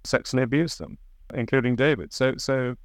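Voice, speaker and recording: A man's voice: medium pitch, moderate pace, no room sound, studio quality. A man being interviewed as the author of a biography, answering reflectively and sometimes searching for the right word.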